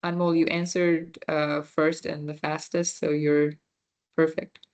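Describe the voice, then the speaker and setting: A woman teaches a small beginner class over a computer mic. Her voice sits low and she takes her time. She talks in a chatty, informal way, answering students' messages and fixing her own slips as she goes. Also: level tone, a little slow, darkish tone. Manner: chatty, self-correcting, reads out chat answers. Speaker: volunteer French workshop teacher. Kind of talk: casual online class teaching.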